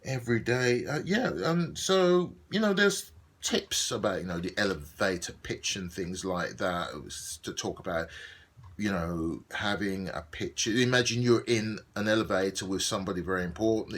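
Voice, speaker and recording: A man's voice: sits low, a bit bright. A middle-aged man with a Brummie accent talks through his day in a casual video diary, rambling with many ums and restarts. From Birmingham, England. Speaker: actor and video diarist.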